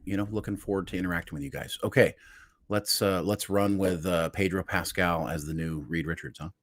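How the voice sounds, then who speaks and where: A man hosting a podcast in casual chat, animated and teasing as he steers the talk. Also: sits low, brisk, no echo, studio quality. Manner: animated and teasing, leading the show. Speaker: podcast host.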